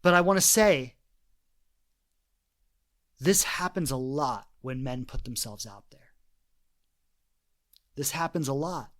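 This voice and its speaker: A man's voice: mid-range voice, slow pace, long pauses, fairly bright tone. Earnest man hosting a relationship podcast. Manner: earnest, retells stories with quoted voices. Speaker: podcast host. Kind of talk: reflective monologue on relationships.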